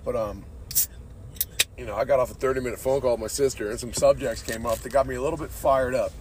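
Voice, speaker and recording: A man's voice: medium pitch, fairly even intonation, fast talker, background noise. A man hosting a podcast, talking in a casual, rambling way, swearing often and calling everyone "dude". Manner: profane, laid-back, says "dude" constantly. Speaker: podcast host.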